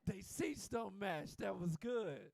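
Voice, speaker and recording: A stand-up comedian working a club crowd with loose, profane banter. His voice sits high for a man and has a heavy gravelly rasp. The sound is close and dry. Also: big pitch swings, slow pace, darkish tone, dry recording. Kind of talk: live stand-up set.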